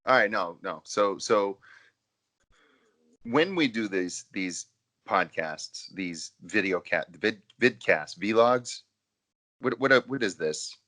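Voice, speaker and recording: Low-ish bright voice, guy rambling over drinks, pitch bouncing all over. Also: takes it slowly. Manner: animated, rambling, with many fillers and restarts. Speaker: podcast co-host. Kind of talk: casual chat over drinks.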